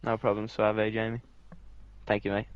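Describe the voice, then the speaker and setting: Sweary lad gaming. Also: male voice, on the low side, completely flat delivery, moderate pace, clean tone, dry recording, lo-fi sound. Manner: sweary, teasing, says mate constantly. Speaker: gamer. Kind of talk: casual gaming banter.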